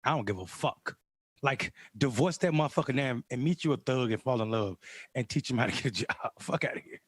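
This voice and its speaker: A man's voice: mid-range voice, expressive, brisk, dry recording. A man, co-hosting a political podcast in a blunt, profane, fired-up way. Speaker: podcast co-host. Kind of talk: casual political chat.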